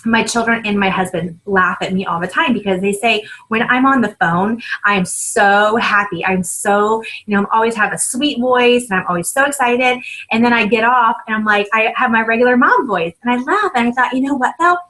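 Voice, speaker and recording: A woman in her thirties giving an upbeat coaching talk to new sellers, with frequent "right?" and "um", acting out sample sales pitches. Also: normal speed, bright, forceful tone, low-quality recording. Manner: upbeat, repeats points with "right?" and "um". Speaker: team leader training new sellers.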